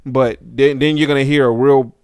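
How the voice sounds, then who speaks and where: A man's voice: medium pitch, steady tone, moderate pace, a little mellow, smooth, dry recording, studio quality. A man from Georgia chatting casually as a podcast co-host, emphatic and opinionated, repeating his points. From Georgia, USA. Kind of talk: casual chat.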